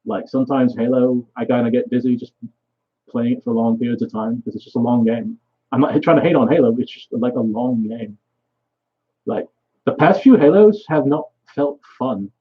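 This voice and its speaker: A man's voice: mid-range voice, normal speed, husky, lo-fi sound. A young man vlogging a rambling solo monologue, swearing often and trailing off mid-thought.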